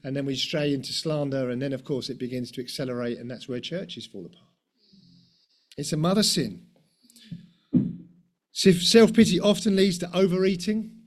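A man's voice: a little high, normal speed, long pauses. A middle-aged man preaching a conversational sermon, posing rhetorical questions and tag questions, with the odd self-deprecating aside.

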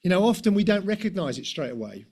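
A middle-aged man delivers a conversational sermon in a high, light voice with a darkish tone, speaking fast and in a sing-song way. He relies on rhetorical and tag questions and drops in self-deprecating asides.

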